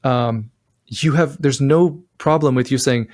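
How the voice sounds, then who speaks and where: An unhurried, slightly mellow, medium-pitched man co-hosts a podcast of casual relationship advice. He rambles and acts out what partners say to each other in shifting voices.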